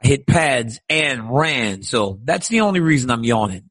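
Animated husky-voiced man. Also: mid-range voice, moderate pace, no echo, poor audio. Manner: animated, mock-indignant. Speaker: co-host. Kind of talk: casual chat.

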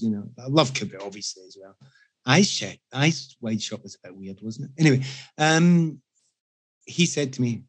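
A Scottish man in casual chat, telling animated, self-mocking anecdotes to the room. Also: mid-range voice, normal speed, breathy edge. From Scotland.

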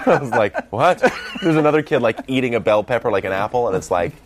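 A man's voice: mid-range voice, animated, a little fast, slight background noise. A young man in his twenties with a light Boston accent, rambling and self-deprecating as a guest in a casual interview. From Massachusetts, USA. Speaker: film director and comedian guest.

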